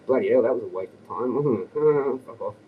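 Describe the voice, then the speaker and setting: A man's voice: mid-range voice, brisk, recorded from a distance, phone-quality sound, slight background noise. An Australian man rambling and ranting on a livestream, profane and agitated.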